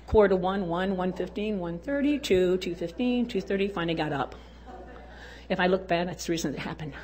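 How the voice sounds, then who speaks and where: A woman's voice: on the low side, lively intonation, a little fast, darkish tone. An older woman giving a folksy, exuberant testimony talk at a church women's event, urging and cheering her listeners on. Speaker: women's conference speaker.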